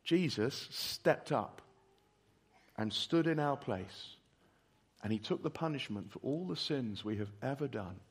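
A man's voice: mid-range voice, lively intonation, measured pace, slightly rough. Earnest man preaching a sermon. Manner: earnest, pleading, with soft drops and emphatic rises. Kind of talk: sermon with prayer and Q&A.

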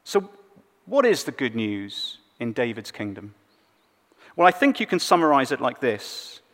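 A man preaching a sermon, swinging between loud emphatic lines and hushed low ones. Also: sing-song, unhurried, long reverb tail. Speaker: pastor.

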